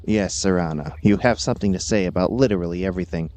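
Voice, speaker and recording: A man's voice: deep voice, fast talker. A man giving casual, jokey commentary while playing a video game. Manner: jokey, animated. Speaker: gameplay host.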